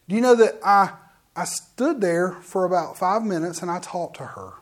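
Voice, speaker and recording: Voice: mid-range voice, normal speed. A middle-aged minister tells a story as a sermon testimony. The minister talks straight to the congregation, with asides and frequent restarts. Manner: animated storytelling, often restarts mid-sentence; addresses the audience directly with asides.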